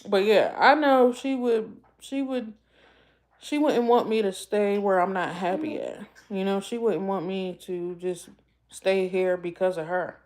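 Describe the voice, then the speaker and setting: A woman hosting her own vlog speaks in an emotional, casual way. She is tearful and halting, repeating phrases as she goes, and keeps an unhurried, drawn-out pace at a mid pitch. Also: darkish tone. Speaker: vlogger host.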